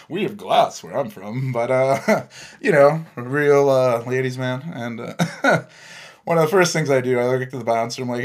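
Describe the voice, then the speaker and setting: A man's voice: medium pitch, a little slow. A man in his thirties hosting a podcast, telling a story in a rambling way, with many fillers and frequent laughs. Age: 30s. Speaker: podcast host. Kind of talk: casual storytelling monologue.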